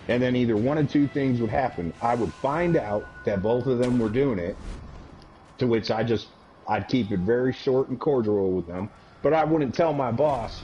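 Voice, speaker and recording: A man's voice: mid-range voice, normal speed, a little mellow, soft background music, low-quality recording. Blunt, profane man telling a story. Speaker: live game streamer, Army veteran. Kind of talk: casual storytelling on a live stream.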